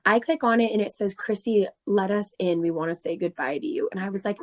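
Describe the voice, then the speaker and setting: Animated young woman telling a story. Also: mid-range voice, brisk. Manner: animated, laughing, swearing freely. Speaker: podcast co-host. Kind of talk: casual storytelling chat.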